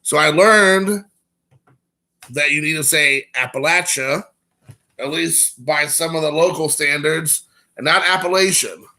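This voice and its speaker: A man's voice: on the high side, steady tone, measured pace, pushed and bright. A man hosting a live stream, chatting casually with viewers in a rambling, storytelling way.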